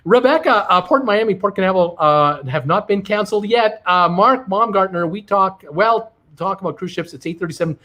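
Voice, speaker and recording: Chatty livestream host reading comments. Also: male voice, sits high, expressive, sharp tone. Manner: reads comments aloud with quick asides. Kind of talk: casual live-stream chat.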